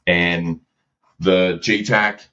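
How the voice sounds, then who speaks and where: Deep-voiced man telling war stories. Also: very slow, muffled recording. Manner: slangy, lively, quoting others in his stories. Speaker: podcast guest, former gunship gunner. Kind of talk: casual storytelling interview.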